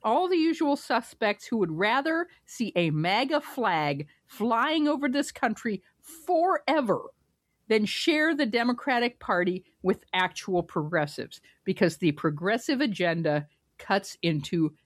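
A woman's voice: fairly high pitch, animated, unhurried, no room sound, clean studio sound. A woman co-hosting a casual political podcast, wry and sarcastic, laughing often. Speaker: podcast co-host.

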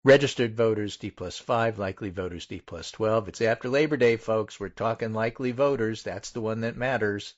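A man hosts a casual political talk show, running through poll numbers with emphasis. His voice is fairly low and quick, with hardly any pauses, and the audio is dull and lo-fi.

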